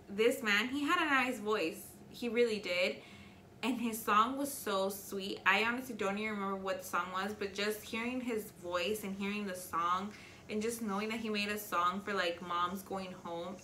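A woman's voice: medium pitch, moderate pace, bright, forceful tone, roomy sound, a little hiss or hum. A young woman chatting candidly in a casual question-and-answer vlog, emotional and chatty, with many fillers. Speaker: beauty vlogger.

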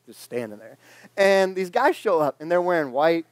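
A man's voice: on the high side, very animated, normal speed, no echo. A man in his twenties giving a casual, joking sermon to a church congregation, chatting along and acting out the voices in his stories. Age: 20s. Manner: joking, conversational, acts out quoted voices. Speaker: pastor. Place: church sanctuary.

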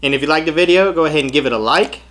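A man's voice: a little high, racing, a bit bright. A man hosting a casual eating show, upbeat and slangy, talking straight to his viewers. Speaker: mukbang host.

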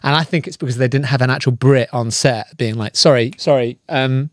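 A man co-hosting a podcast, chatting casually in an animated way, laughing easily and swearing. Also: medium pitch, fast, dry recording, clean studio sound. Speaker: podcast co-host. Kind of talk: casual banter.

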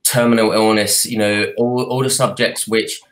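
A man with a Cockney accent, speaking earnestly in a halting way over a video call from his home computer, with many restarts and fillers. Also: fairly low pitch, little pitch movement, fairly bright tone. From United Kingdom. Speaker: artist and advocate. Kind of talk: live video call interview. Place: apartment at home.

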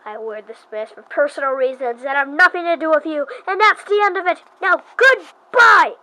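A haughty masked teen idol girl from a game, vain and quick to take offense, as a woman puts her on. She speaks loudly and indignantly in a high, bright voice with plenty of sharp edge. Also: expressive, low-quality recording. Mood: offended.

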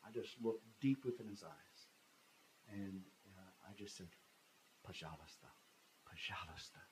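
A man's voice: on the low side, measured pace, echoey room, noisy background. Guy in his 50s telling a story to a crowd, chatty, acts out the dialogue. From United States. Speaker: guest speaker. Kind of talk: storytelling talk.

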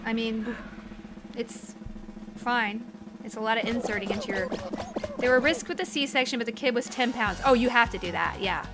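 A woman streaming a video game, chatting excitably and cursing when the match goes badly. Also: fairly high pitch, normal speed, pauses often, music in the background. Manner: loud, excitable, swears when frustrated. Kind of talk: live gaming stream chat.

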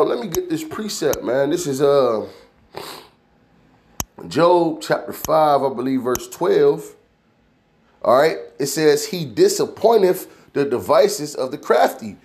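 A man preaching and reading scripture, tagging "man" onto nearly every phrase and slowing down to read the verses. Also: on the high side, a little mellow, echoey room. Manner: reads verses slowly and deliberately. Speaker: street preacher.

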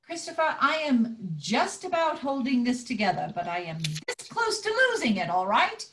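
Woman reads frayed mum, lively high voice, close to breaking. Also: normal speed. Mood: strained. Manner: pleading, strained. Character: stressed mother Judy, frayed but loving. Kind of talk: live script reading over video call.

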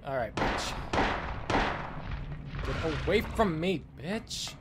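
A gaming channel host doing let's play commentary, swearing and yelling at the game character, with game music behind. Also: mid-range voice, expressive, takes it slowly, very noisy.

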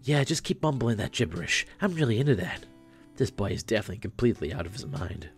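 A man's voice: fairly low pitch, quick pace, vocal fry, breathy edge, soft background music, heavily acted. A man voicing a bewildered, sarcastic teenage student in a game, speaking dryly. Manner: sarcastic, deadpan.

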